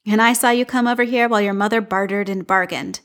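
A woman's voice: medium pitch, steady tone, fast, a bit bright, close to an everyday voice. A woman voicing a cheerful, teasing male stall seller in a market.

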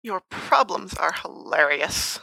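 A skeptical, teasing buddy speaks in a low, gravelly voice with a bright, sharp edge, as a woman puts him on for an audiobook. The sound is dry and close. He sounds dubious and amused. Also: sing-song, slow, no room sound, full character voice, poor audio. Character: dubious, teasing young man, a friend. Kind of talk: audiobook character voice.

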